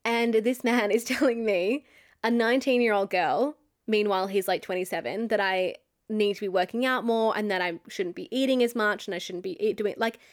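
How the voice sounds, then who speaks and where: A woman's voice: mid-range voice, normal speed. A young woman, telling a personal story in a candid, casual way, swearing often and filling her talk with "like".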